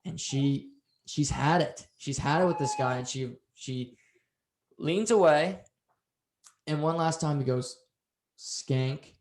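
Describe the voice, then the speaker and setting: A man's voice: a little high, unhurried, long pauses. A man co-hosting a podcast, casually recapping a TV episode and acting out the characters' lines as he tells it. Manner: animated storytelling, acts out quotes. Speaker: podcast co-host. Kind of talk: casual show recap chat. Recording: roomy echo.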